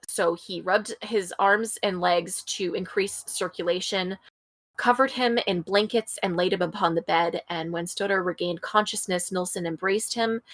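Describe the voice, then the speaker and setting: A woman's voice: mid-range voice, a bit bright. A woman co-hosting a podcast, reading a true-crime case from her notes in a casual way, tripping over place names and adding blunt comments. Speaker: podcast co-host.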